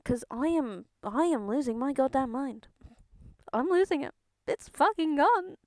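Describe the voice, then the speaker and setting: A woman's voice: high voice, lively intonation, measured pace, no echo. Exasperated swearing woman streaming a game. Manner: exasperated, swearing, self-mocking. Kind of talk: casual gaming stream chat. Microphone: close headset mic near her face. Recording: audible breathing on a close mic.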